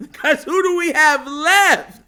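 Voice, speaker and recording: Man, bright high voice, animated sports host, faint music bed. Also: takes it slowly. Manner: excitable, laughs often, animated. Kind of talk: casual sports commentary.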